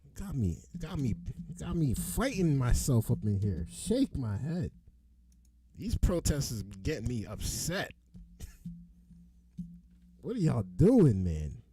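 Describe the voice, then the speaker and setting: A man giving casual, animated reaction commentary on news clips as a vlogger, exclaiming and repeating lines as he goes. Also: medium pitch, a little slow, slight background noise.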